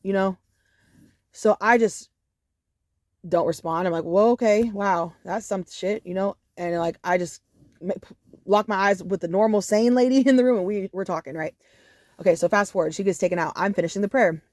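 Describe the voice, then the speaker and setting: A woman's voice: medium pitch, fairly quick, pauses often, no echo, studio quality. Profane woman telling a storytime. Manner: profane, animated, full of fillers like "you know". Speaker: storyteller vlogger. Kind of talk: casual storytime monologue.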